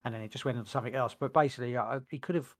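A man's voice: medium pitch, rapid-fire. A man co-hosting a podcast, rambling and searching for words with many restarts. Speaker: podcast co-host. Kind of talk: casual chat.

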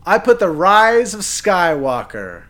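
A man in his thirties co-hosting a casual movie podcast, easygoing and quick to react. His voice sits a little high and moves freely up and down. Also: very animated, pushed and bright. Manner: easygoing, reacting with short interjections. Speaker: podcast co-host. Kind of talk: casual movie-review chat.

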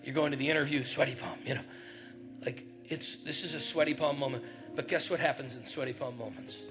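A middle-aged man preaching a conversational sermon, telling a personal story and acting out the voices in it, with loud bursts now and then. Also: mid-range voice, steady tone, fairly quick, over music. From northern New York. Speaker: pastor.

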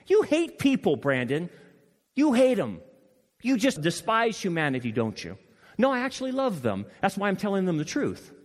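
A man preaching a sermon as pastor, impassioned and animated, addressing the congregation directly. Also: sits high, big-room sound. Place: church sanctuary.

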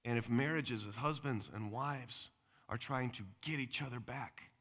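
A man in his forties preaching a sermon as pastor, swinging between loud emphatic points and quiet low passages. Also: a little slow. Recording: long hall reverb.

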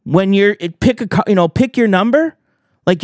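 High-pitched argumentative man, dry sound. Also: normal speed, a little mellow, no room sound. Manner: argumentative, rhetorical questions. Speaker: trucking commentator. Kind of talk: reaction commentary.

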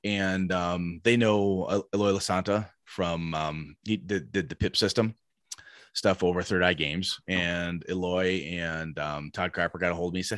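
A man talking casually as a guest about designing and publishing his tabletop game, animated and telling stories with quoted voices. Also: sits low, moderate pace, no room sound, studio quality. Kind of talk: casual podcast conversation.

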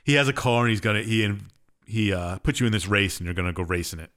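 A fast-talking podcast co-host with a low-side, slightly bright voice casually walks through a game's story. His telling is rambling and offhand, full of fillers and shrugging asides.

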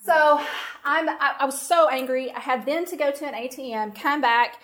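A middle-aged woman, telling a personal story to an audience in an animated, emphatic way. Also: sits high, moderate pace. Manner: animated, emphatic, talks straight to listeners. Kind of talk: personal anecdote told to an audience.

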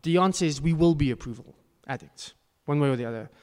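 A male pastor delivers an earnest sermon with sudden emphatic bursts. His voice sits somewhat high for a man. The sound carries a long reverb tail, as if from a large church hall. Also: fast, a little mellow.

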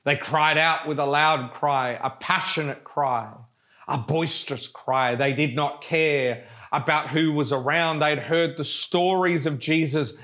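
A male pastor preaching a sermon with passion, at times dropping to a hushed, pleading prayer. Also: on the high side, unhurried.

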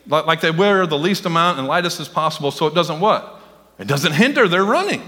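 Inside a church sanctuary full of long reverb, an excitable senior pastor with a high, bright voice gives a fairly quick sermon. He talks straight to the congregation and calls out to people in the pews. Again and again he gets carried away.

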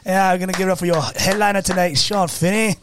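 A man's voice: high voice, steady tone, fast, noisy background. A man voicing a rowdy male comedy-club emcee who swears, threatens the crowd and jumps between accents.

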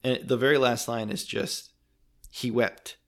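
A man's voice: mid-range voice, fairly even intonation, a little slow, vocal fry. A man hosting a podcast, discussing a book with enthusiasm and then wrapping up the episode and announcing the next one. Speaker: podcast host.

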